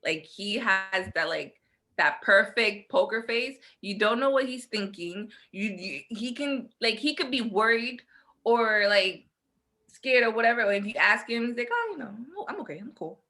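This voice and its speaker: With an unhurried, mid-range voice, a young woman co-hosting a podcast spins a lively story in relaxed conversation. She acts out the quotes as she goes.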